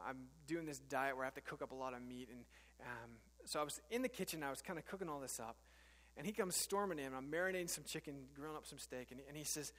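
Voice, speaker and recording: Earnest high-voiced preacher in a reverberant hall. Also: male voice, fairly bright tone. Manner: earnest, conversational, with frequent fillers and restarts. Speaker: pastor. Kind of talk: sermon.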